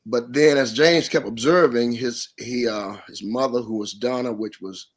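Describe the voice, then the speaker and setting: Relaxed male pastor guest. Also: mid-range voice, moderate pace. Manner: relaxed, anecdotal storytelling. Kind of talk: casual panel discussion.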